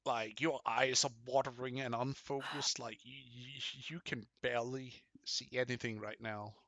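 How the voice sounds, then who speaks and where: Brief: young male game master, gravelly and bright, halting delivery, dry close mic. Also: medium pitch, steady tone, no room sound. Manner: halting, lots of fillers and restarts. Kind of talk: narrating a tabletop game.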